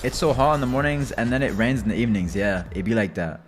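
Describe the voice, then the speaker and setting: A man streaming a game from home, chatting loosely with viewers, swearing freely and swinging between low mutters and loud rants. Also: lively intonation, fast, soft background music. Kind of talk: casual live-stream chat while gaming.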